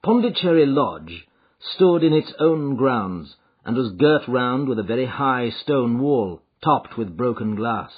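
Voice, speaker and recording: Brief: male audiobook narrator, measured, breathy tone, lo-fi sound. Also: mid-range voice, lively intonation. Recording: slightly muffled lo-fi audio.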